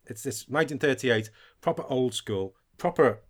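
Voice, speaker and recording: Halting, enthusiastic male podcast co-host. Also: mid-range voice, husky. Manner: enthusiastic, halting, many fillers. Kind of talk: casual podcast chat.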